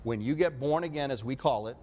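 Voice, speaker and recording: A man's voice: mid-range voice, a little fast, a little mellow. A man preaching a sermon with emphatic delivery, often calling for an amen.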